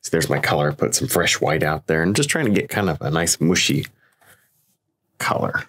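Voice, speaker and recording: A man with a low, slightly husky voice teaches landscape painting in a loose, easygoing way. He muses over each stroke and cheers on the viewer. The sound is close and dry. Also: normal speed, no room sound. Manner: relaxed, thinks aloud, encouraging. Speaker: painting instructor. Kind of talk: casual painting demonstration.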